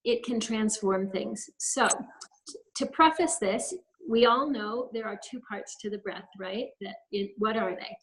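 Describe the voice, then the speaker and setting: A woman, a holistic health practitioner, gently instructs a webinar call through a breathing exercise one step at a time. Medium in pitch and unhurried in pace, she comes through on poor audio.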